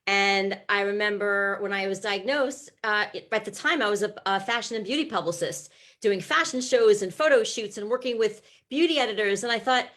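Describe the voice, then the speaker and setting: A woman's voice: medium pitch, normal speed, fairly bright tone. A woman who is a talk show guest and breast cancer advocate, telling her personal story in a chatty, heartfelt way with many fillers and restarts.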